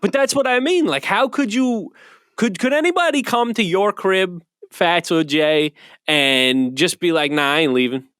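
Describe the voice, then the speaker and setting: A man with a high-pitched voice, swearing freely as he spins stories in a loose, animated podcast chat. His voice is recorded over a remote call and sounds dry and close, with no room behind it. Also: a little slow, clean tone, no echo. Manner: profane, animated storyteller. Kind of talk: casual chat.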